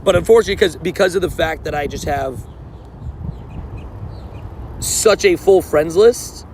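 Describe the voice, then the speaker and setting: A man's voice: fairly high pitch, normal speed, darkish tone, slight background noise. A young man streaming casually to his live chat, laid-back and slangy, greeting viewers by name while outdoors.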